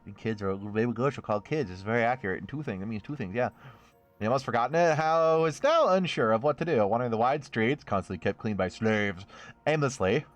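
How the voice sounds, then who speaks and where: A man's voice: medium pitch, lively intonation, brisk. A man casually commenting on a strategy game stream and reading story text aloud, swearing and laughing as he goes.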